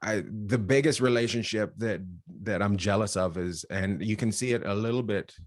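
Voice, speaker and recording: A man's voice: on the low side, moderate pace, no echo, studio quality. A man from Canada, a comedian guest telling rambling stories and laughing often in a casual podcast chat.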